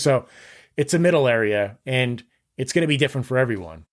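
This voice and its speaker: A man's voice: medium pitch, expressive, brisk. A man in his thirties, a podcast guest, talking earnestly and rambling in casual conversation, often saying "like". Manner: earnest, rambling, heavy use of "like".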